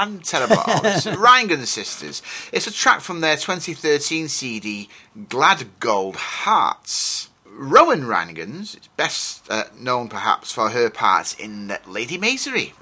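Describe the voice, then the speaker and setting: Bright, husky-voiced male radio host. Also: medium pitch. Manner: self-deprecating, jokey, hesitant with fillers. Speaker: radio folk music show host. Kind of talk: casual radio presenting.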